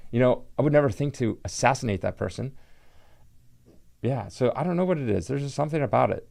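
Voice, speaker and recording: A man's voice: medium pitch, animated, fast talker, gravelly, darkish tone. A man hosting his own channel, talking to camera in an indignant, rambling way and leaning on the word "like". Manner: indignant, rambling, heavy use of "like". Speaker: channel host, comic book collector. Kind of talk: casual opinion rant to camera.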